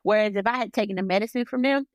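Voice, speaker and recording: A woman in her thirties co-hosting a podcast, telling a personal story in an emphatic, animated way. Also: medium pitch, rapid-fire, dry recording. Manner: animated, emphatic, acts out dialogue. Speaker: podcast co-host. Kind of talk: personal storytelling in casual chat.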